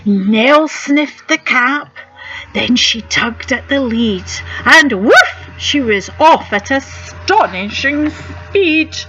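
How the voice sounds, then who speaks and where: A woman with a slightly high voice reads a rhyming picture book aloud to children, slow and animated, gasping and asking the listener questions. The audio has its highs cut off.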